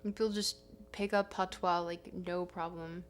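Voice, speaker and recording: A woman's voice: on the low side, fairly even intonation, measured pace. A young woman hosting a casual livestream, chatting in a rambling, self-correcting way. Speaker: livestream host. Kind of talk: casual stream chat. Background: soft guitar music.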